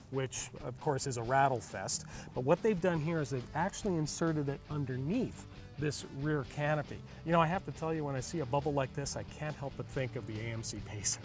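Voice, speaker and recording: A man co-hosting a car review show, explaining features in an enthusiastic, chatty way. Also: mid-range voice.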